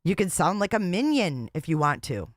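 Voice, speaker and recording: Woman streamer, blunt and repetitive, slightly low pitch, dry sound. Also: big pitch swings, normal speed, no echo. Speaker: livestream host. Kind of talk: casual livestream commentary.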